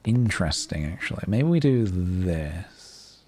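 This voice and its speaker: A young man chatting casually to his live-stream viewers as he plays a game, playful and chatty, with sudden excited squeals. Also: deep voice, unhurried, a little hiss or hum. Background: faint game music.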